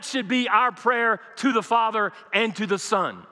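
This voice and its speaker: An older male pastor preaching with a high, bright voice that rings through a church hall. He fires rhetorical questions at the congregation and repeats his key lines. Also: unhurried, hardly any pauses. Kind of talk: sermon. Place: church sanctuary.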